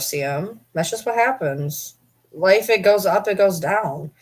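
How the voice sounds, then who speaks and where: A woman's voice: mid-range voice, animated, measured pace, husky. A young woman vlogger chatting candidly and rambling with her viewers, swearing now and then. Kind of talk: casual chat.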